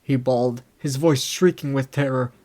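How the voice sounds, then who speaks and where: A man in his twenties reading a classic novel aloud in steady, measured narration. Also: mid-range voice. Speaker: audiobook narrator. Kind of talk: scripted narration.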